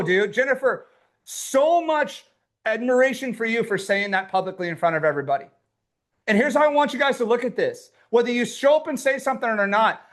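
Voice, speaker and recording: A man's voice: very high voice, fairly bright tone. A man coaching a live online workshop, fired-up and pushy, who swears casually as he urges people on. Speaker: business coach running a workshop.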